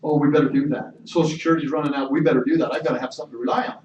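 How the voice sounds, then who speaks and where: A man's voice: a little high, fairly even intonation, very fast, a little mellow, lo-fi sound, natural voice. A man doing a worried elderly widow. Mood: anxious. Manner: hesitant, anxious. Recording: echoey room from far off.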